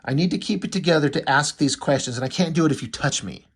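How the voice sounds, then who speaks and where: A man's voice: on the high side, quick pace, breathy edge. A man reading out the lines of an anguished young wife from a comic book in his own plain voice. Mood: pained, pleading. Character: anguished young adult woman, wife in pain.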